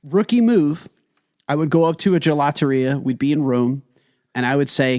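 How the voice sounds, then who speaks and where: A man's voice: on the high side, fairly even intonation, moderate pace, a little mellow, dry recording, studio quality. A man co-hosting a food podcast, telling stories with emphatic enthusiasm. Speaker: podcast co-host. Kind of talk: casual food podcast chat.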